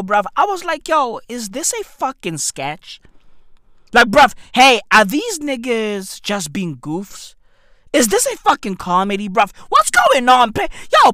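A man, delivering a profane comedic rant that swings between shouting and muttering. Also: very high voice, no echo, studio quality. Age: 30s.

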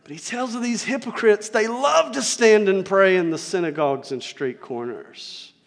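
High-voiced preacher in an echoing hall. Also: male voice, normal speed, vocal fry. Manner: preaching, swings from soft asides to shouted climaxes. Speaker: pastor. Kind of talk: sermon.

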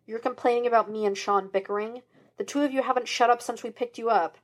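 Woman reader plays gruff middle-aged male cop; lower, quieter, blunt. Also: fairly even intonation, quick pace, lightly acted.

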